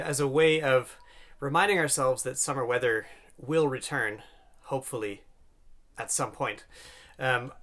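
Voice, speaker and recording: A man's voice: medium pitch, a bit bright. A man from Canada hosting a concert video, talking in a chatty, self-deprecating way with frequent fillers. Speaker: pianist and concert series host. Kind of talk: casual video introduction.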